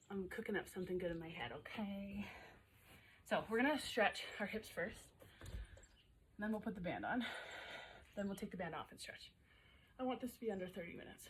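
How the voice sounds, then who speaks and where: A fitness instructor in her thirties coaches a home workout while doing it herself, her medium-pitched voice carrying a slight hiss or hum. She's chatty and upbeat but out of breath, calling out moves between breaths.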